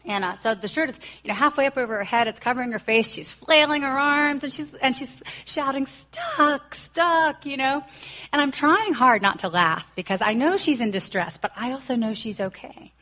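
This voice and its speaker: A woman's voice: high-pitched, fairly quick, fairly bright tone, a little hiss or hum. Woman in her forties, earnest storyteller sharing a recovery story, slips into the voices of the people she quotes. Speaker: recovery speaker. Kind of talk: personal recovery talk.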